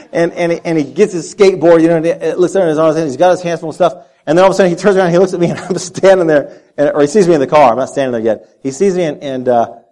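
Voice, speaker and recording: Animated male preacher from Texas. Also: a little high. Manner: animated storyteller, repeats words while speaking. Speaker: pastor. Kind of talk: sermon with personal story.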